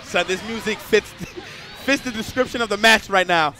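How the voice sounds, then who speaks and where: A man doing live commentary on a fighting game match, excitable and swearing freely, breaking into shouts. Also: high voice, normal speed, soft background music.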